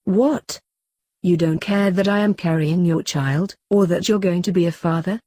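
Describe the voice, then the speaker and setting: A tearful, pleading young wife in a storybook, as a woman reads her in her own voice. Her voice is low and mellow. The sound is dry and close. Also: normal speed, dry recording, close to an everyday voice. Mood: emotional. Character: emotional young wife, pregnant.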